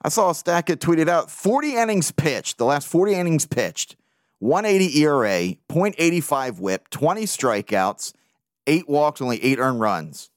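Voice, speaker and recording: Excitable swearing sports fan host. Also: male voice, on the high side, measured pace, dry recording, studio quality. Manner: excitable, profane, animated fan. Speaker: podcast host. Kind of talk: casual sports podcast talk.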